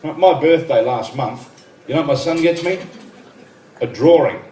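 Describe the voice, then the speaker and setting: With a fairly high, animated voice at normal speed, an Australian comedian in his thirties trades deadpan jokes and asides with the crowd on stage at a benefit event. A distant phone captures the echoey room, its noise and the audience's laughter.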